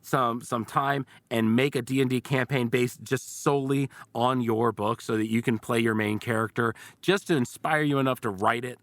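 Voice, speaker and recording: A man's voice: mid-range voice, fairly even intonation, normal speed, few pauses, a bit bright, no echo. A man hosting a tabletop game podcast in casual chat, teasing his guest and laughing often. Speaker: podcast host and game master.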